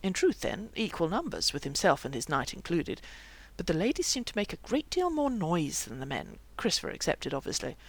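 Gravelly, expressive audiobook narrator. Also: mid-range voice, a little fast, few pauses.

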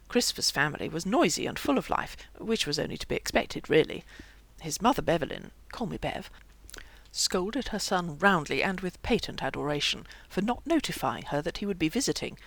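A narrator reading a fantasy novel aloud in a lively, expressive way. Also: medium pitch, brisk, gravelly. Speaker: audiobook narrator. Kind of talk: audiobook narration.

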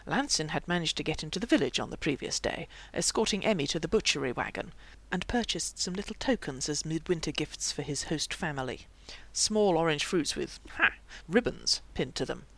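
Gravelly, expressive audiobook narrator. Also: mid-range voice, a little fast, hardly any pauses.

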